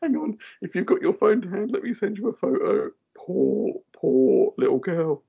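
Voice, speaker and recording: A man in his thirties, a podcast co-host telling animated stories in casual chat and acting out what others said. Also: high voice, moderate pace, creaky, narrow, tinny audio. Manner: animated storyteller, acts out quoted voices.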